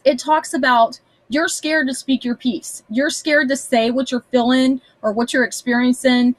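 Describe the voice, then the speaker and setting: Woman, tarot reader, casual and frank, fairly high voice, dry sound. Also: no echo, rough recording. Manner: chatty, blunt, swears casually. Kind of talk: casual tarot reading to camera. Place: small house, indoors.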